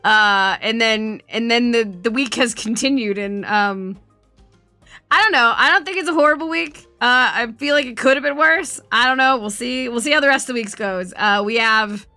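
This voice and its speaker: A young woman streamer in casual chat, swearing often and rambling through animated stories. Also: on the high side, normal speed, no room sound, faint music behind.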